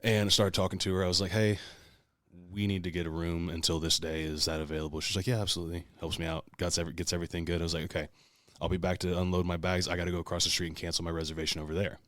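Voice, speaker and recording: Man, podcast co-host, profane heated storytelling, deep voice, dry close sound. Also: flat delivery, racing, fairly bright tone, dry recording. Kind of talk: casual storytelling.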